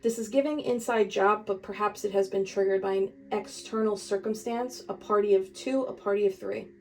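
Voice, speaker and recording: A woman's voice: medium pitch, steady tone, moderate pace, a little mellow, slight background noise. A young woman doing a casual spiritual tarot reading, talking straight to the viewer in a chatty, meandering and emphatic way. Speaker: tarot reader.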